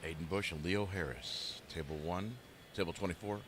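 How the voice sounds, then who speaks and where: A man co-commentating a pool match in a chatty, friendly way, trading quick banter. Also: low voice, fairly bright tone, slight background noise. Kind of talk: casual live commentary.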